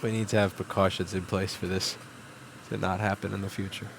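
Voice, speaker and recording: A man's voice: low-pitched, flat delivery, brisk, gravelly, background noise. A man casually chatting on a live stream while working at a repair bench, rambling and self-deprecating, swearing now and then. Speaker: livestreaming repair technician.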